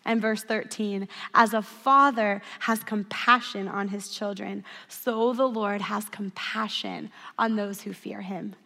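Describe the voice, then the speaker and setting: A woman's voice: mid-range voice, steady tone, a little slow, few pauses, bright, forceful tone. Earnest woman preaching in a reverberant hall. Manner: earnest, storytelling, leads the audience in call-and-response. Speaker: speaker at a church service. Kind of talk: sermon.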